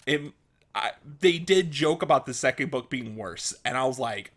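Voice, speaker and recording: A man vlogging, retelling a story in a casual, excitable way with lots of fillers. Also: medium pitch, normal speed.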